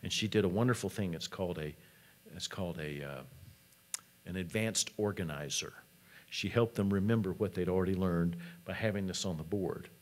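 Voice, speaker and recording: Male college president, keynote talk, relaxed storyteller, lower voice. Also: moderate pace. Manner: storytelling, conversational.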